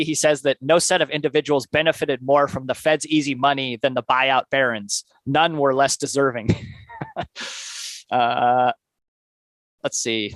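A man's voice: mid-range voice, fairly bright tone, dry recording. A man co-hosting a podcast, casually summarizing a book in a loose conversational way, with many filler words. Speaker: podcast co-host.

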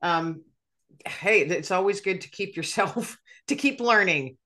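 A woman's voice: medium pitch, animated, measured pace, pushed and bright. A woman hosting a podcast interview, reacting with enthusiasm. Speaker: podcast host. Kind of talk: casual interview chat.

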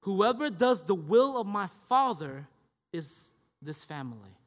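A man's voice: high voice, sing-song, unhurried, a bit bright. A man preaching a conversational sermon, casual and repetitive, checking in with the listeners as he goes. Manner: casual, repeats "right?" and "you guys get me?". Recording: long hall reverb.

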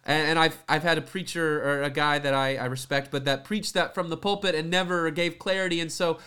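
رجل بصوت مرتفع الطبقة ومفعم بالحيوية. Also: male voice, fairly high pitch, clean tone. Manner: animated, laughs often, quick to joke. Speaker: podcast co-host. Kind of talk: casual faith discussion.

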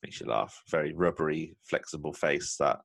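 A man's voice: a bass voice, normal speed, creaky, fairly bright tone, breathy edge. A man hosting a podcast in casual, jokey chat. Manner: chatty, jokey, self-deprecating. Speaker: podcast host.

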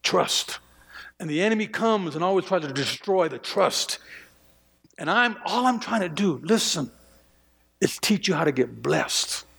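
A man's voice: high-pitched, lively intonation, a little slow, vocal fry, fairly bright tone, husky. A male pastor preaching a sermon, emphatic, repeating phrases and stammering through restarts. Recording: long hall reverb.

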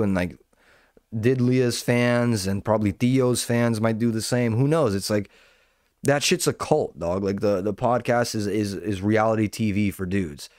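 Man, profane rambling commentary rant, low voice, dry close mic. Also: measured pace, a little mellow, no echo. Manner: profane, rambling, self-interrupting.

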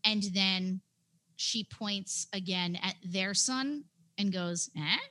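A woman playing a tabletop game, describing her character's gestures step by step in a halting way. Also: medium pitch, bright, forceful tone, slight background noise. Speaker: player.

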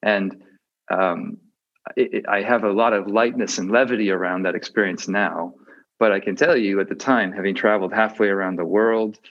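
A man's voice: fairly low pitch, fairly even intonation, moderate pace, a bit bright. A man giving a reflective dharma talk as a meditation teacher. He often hesitates with fillers and restarts his sentences. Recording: dull muffled audio.

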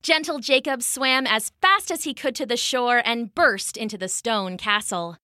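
A woman narrating a children's story in an animated, expressive storytelling manner. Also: a little high, unhurried, dry recording, clean studio sound.

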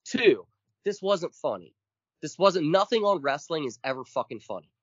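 A man's voice: fairly high pitch, big pitch swings, moderate pace, breathy edge, no echo. Profane, fired-up man ranting on a podcast. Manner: emphatic, profane, counts off points. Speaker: podcast co-host. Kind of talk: casual podcast rant. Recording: dull lo-fi dry sound.

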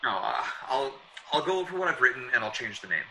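A man's voice: mid-range voice, very animated, fast talker, pushed and bright, slight background noise, rough recording. An actor playing a flustered, stammering male mystery writer in an old-time radio drama.

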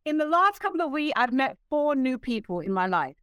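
A woman in her sixties, a guest telling stories in a casual interview, animated and laughing, acting out what others said. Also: high voice, a little fast, clean tone, no room sound. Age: 60s. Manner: animated, laughing, acts out quoted voices.

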